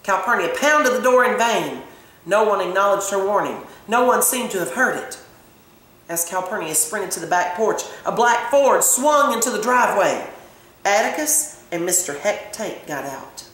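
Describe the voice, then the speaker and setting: A woman reading a novel aloud, telling it expressively in a mid-pitched voice. She hushes down when the tension rises. The room rings with a strong echo. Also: normal speed. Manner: expressive storytelling, hushing for tense moments. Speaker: audiobook reader. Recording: very echoey room.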